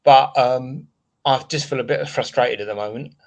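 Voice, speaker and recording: A man hosts a live chat stream, his voice sitting at an ordinary middle pitch. He talks in a loose, rambling way, venting his frustration and breaking off to answer viewers in the chat. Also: normal speed. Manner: frustrated rambling rant, reading out chat comments. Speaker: livestream host.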